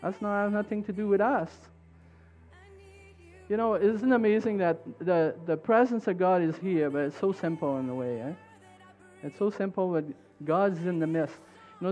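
A man with a French Canadian accent preaching a fervent sermon in church, repeating his points and building up to shouts. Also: sits high, muffled recording.

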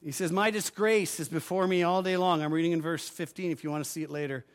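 A male pastor preaching a sermon, moving between forceful commands and quieter asides, and often asking the congregation if they follow. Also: on the high side, steady tone, fast talker. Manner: preaching with rising fervor, commanding declarations; asks the congregation for responses.

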